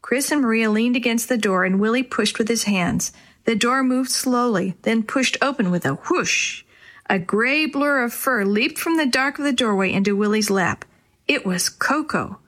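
A woman reading a children's story aloud in an expressive, animated way. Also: a little high, normal speed.

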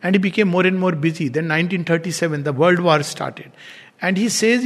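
A man gives an unhurried lecture on poetry, pausing to read lines of verse slowly. His voice sits a little high, and a long reverb trails behind every phrase. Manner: thoughtful, unhurried, reads verse aloud slowly. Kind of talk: reflective literary talk.

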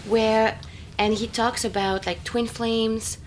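A woman in a casual, expressive chat, full of fillers and quick laughter. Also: on the high side, slight background noise. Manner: chatty and expressive, many fillers, frequent laughter.

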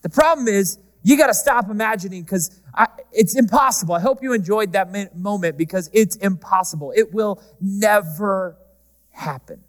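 A man preaching a sermon, talking to the congregation in a conversational, humorous way and shifting often between loud and soft. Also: sits high, moderate pace. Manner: conversational preaching with humor, varying pace and volume. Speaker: pastor. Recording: reverberant hall.

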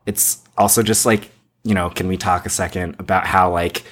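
Deep-voiced thoughtful man. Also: fairly even intonation, normal speed, a bit bright. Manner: thoughtful, searching for words. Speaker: podcast co-host. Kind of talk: casual podcast chat.

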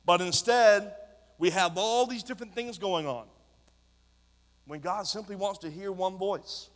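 A man preaching with fervor, his voice ringing through a church hall with a long reverb. His tone sits a little high for a man, and his delivery builds in intensity as he calls out to the congregation. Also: a little slow. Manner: impassioned, rising to shouts. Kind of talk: sermon. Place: church sanctuary.

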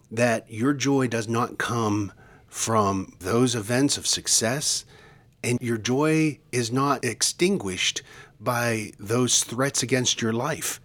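A man co-hosting a devotional podcast, teaching in an earnest, preacherly way and slowing down for emphasis. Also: mid-range voice, fairly bright tone. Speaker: podcast co-host.

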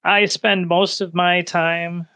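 A stern, sleep-deprived officer, voiced by a man at a game table, keeping his tone level and firm. He speaks slowly and with authority, in a fairly high, light voice. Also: little pitch movement, pushed and bright, smooth, heavily acted. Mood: gruff questioning. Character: stern, weary middle-aged officer in command.

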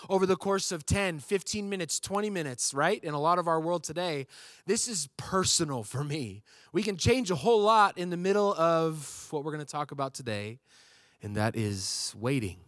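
A man's voice: a little high, a bit bright, no room sound, clean studio sound. A male pastor preaching a sermon, telling a story with comic impressions before moving into scripture.

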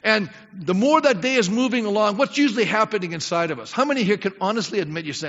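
A middle-aged man's high-pitched, animated, fast, slightly bright voice carries his sermon as pastor. He speaks conversationally to the congregation in the church sanctuary, asking them questions and acting out prayers, captured with dull sound and long hall reverb.

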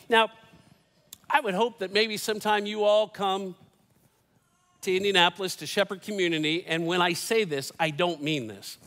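A man's voice: high-pitched, a bit bright, in a large hall. A man in his fifties, a pastor giving a sermon in a church, telling stories with folksy, humorous asides. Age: 50s. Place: church sanctuary.

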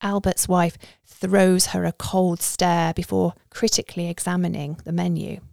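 A woman's voice: fairly low pitch, flat delivery, a little slow, gravelly, a little mellow, no room sound, studio quality. A woman narrating a story in a conversational first-person way.

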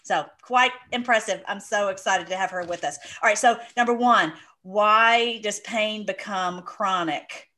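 A woman's voice: mid-range voice, a little slow, few pauses, bright, forceful tone. A woman hosting a casual interview, chatty and enthusiastic, cutting in to clarify. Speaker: host.

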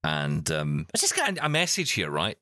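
A man's voice: rumbling low, wildly swooping pitch, moderate pace, sharp tone, no echo, clean studio sound. A man hosting a podcast in casual, teasing chat. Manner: chatty, teasing, jokey. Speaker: podcast host.

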